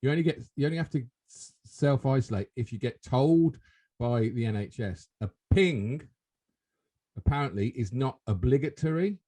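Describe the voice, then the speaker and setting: Rambling lively-voiced podcast host. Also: male voice, mid-range voice, moderate pace. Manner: rambling, self-interrupting, laughs a lot. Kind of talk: casual podcast chat.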